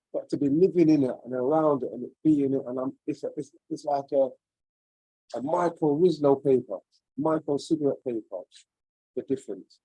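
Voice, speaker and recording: A man's voice: on the high side, moderate pace, warm tone, husky, no room sound, low-quality recording. A man on a video call, sharing a personal story in an earnest, searching, rambling way. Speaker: webinar participant.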